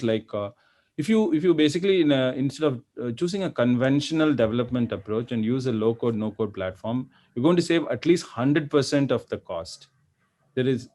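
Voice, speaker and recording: A man from India speaking as a software executive on an online panel, explaining points with many fillers and tag questions. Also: mid-range voice. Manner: explains with frequent "right?" and fillers. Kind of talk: panel discussion. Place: video call.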